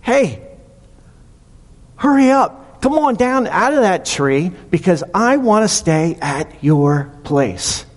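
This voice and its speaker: A man's voice: high-pitched, big pitch swings, takes it slowly, pitched above the performer's own voice, heavily acted. A man voicing a kind, eager man calling someone down from a tree, with a long hall echo.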